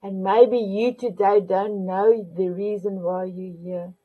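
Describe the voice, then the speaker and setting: A woman's voice: mid-range voice, steady tone, takes it slowly, breathy edge. A woman hosting a motivational talk show, who keeps calling her viewers her beautiful ones. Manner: warm, affectionate address, repeats "my beautiful ones". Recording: dull lo-fi sound.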